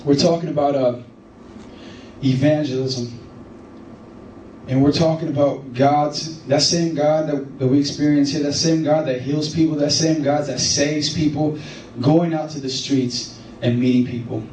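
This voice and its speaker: A man preaching a sermon as pastor, telling stories in an animated way and rising to excited emphasis. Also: fairly high pitch, a little slow, a little hiss or hum. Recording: echoey room from far off.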